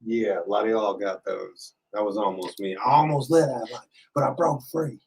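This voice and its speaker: A woman's voice: extremely low pitch, moderate pace, a little mellow, slightly rough, rough recording. A woman co-hosting a casual radio show, playful and teasing, laughing often. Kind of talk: casual chat. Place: home studio streaming live.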